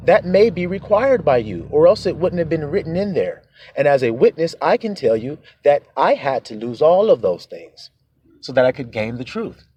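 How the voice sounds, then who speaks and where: Animated man preaching a sermon. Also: fairly high pitch, slight background noise. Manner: animated, acts out quoted voices.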